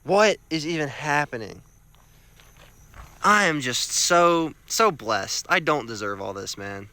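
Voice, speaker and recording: A young man vlogging on a rural road at night, chatty, excitable and self-mocking, with slang. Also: on the high side, slow, no echo. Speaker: field herper vlogger. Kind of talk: casual vlog narration on the road.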